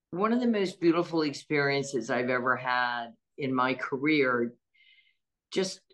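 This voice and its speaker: A woman in her sixties from New Orleans, an actress chatting as an interview guest, who tells anecdotes and acts out what others said. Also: lowish voice. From New Orleans, USA. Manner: warm storytelling with laughs and quoted voices. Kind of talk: casual interview chat.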